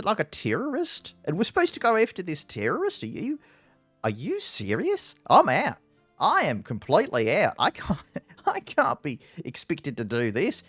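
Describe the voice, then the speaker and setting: Brash profane pilot, lively swooping voice, a man voicing him. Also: on the high side, dry recording, pitched above the performer's own voice, full character voice. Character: cocky male ship pilot who swears a lot.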